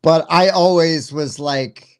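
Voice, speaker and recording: A man's voice: fairly high pitch, takes it slowly, smooth. A man in his thirties hosting a live chat stream, rambling and jokey, with lots of fillers. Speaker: podcast host.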